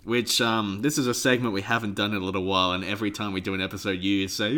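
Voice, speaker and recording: A man co-hosting a podcast in casual chat, playful and quick to laugh. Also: fairly low pitch, little pitch movement, sharp tone. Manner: chatty, laughs often, playful impressions. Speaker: podcast co-host.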